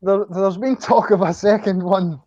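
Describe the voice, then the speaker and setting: A Scottish man talking as a podcast guest, his voice dark and mellow. He speaks haltingly, with ums and false starts. The audio is dull and lo-fi, with a dry sound. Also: sits high, fairly even intonation, no echo. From Scotland. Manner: halting, many ums and restarts. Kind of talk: casual chat.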